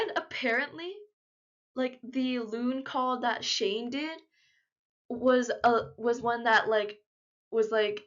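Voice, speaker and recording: A young woman talking casually to camera in an unedited vlog, chatty and full of fillers, gushing like an excited fan. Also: on the high side, takes it slowly. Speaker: vlogger. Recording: slightly dull lo-fi audio.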